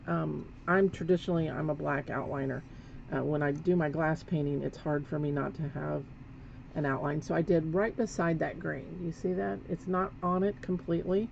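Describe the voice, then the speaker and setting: With a low, creaky, slightly mellow voice and a steady tone, a painting instructor talks at a moderate pace through a live demonstration. She chats as she works and corrects herself as she goes. Faint background noise accompanies the dull lo-fi sound.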